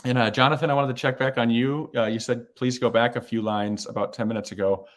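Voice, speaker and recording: A man's voice: medium pitch, steady tone, fairly quick. A man who is a hiring manager giving live-streamed career advice in a casual way, with lots of fillers and repeated words.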